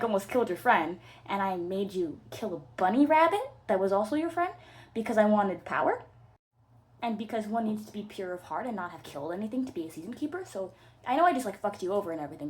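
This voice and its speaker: A woman voicing a scheming, power-hungry young female rival who snarls threats and then pleads smoothly. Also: medium pitch, big pitch swings, fast talker, lightly acted.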